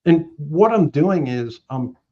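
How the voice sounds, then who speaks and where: Middle-aged male mortgage pro, lively sales-coach delivery on a muffled line. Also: on the high side, slow. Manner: emphatic storyteller, acts out both sides of phone calls. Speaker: guest, mortgage professional. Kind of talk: animated sales coaching talk.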